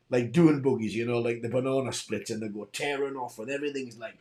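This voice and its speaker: A man with a Geordie accent who rambles through his stories, stopping and restarting as he goes. He sits at a middle pitch for a man and trades easy comic banter with his partner. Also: fast, darkish tone, roomy sound. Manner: rambling, repetitive storytelling with stop-start restarts. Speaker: co-host.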